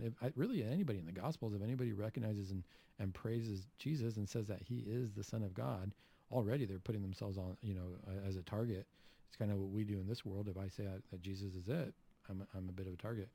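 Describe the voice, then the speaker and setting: A man preaching a Catholic homily, asking rhetorical questions and acting out the Gospel quotes with lively emphasis. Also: lowish voice, creaky.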